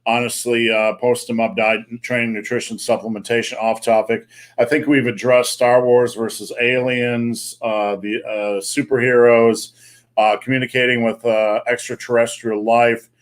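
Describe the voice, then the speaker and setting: A man's voice: medium pitch, little pitch movement, moderate pace. A man hosting a live online Q&A, chatting casually and joking, with plenty of fillers. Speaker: host. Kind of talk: live-stream Q&A chat.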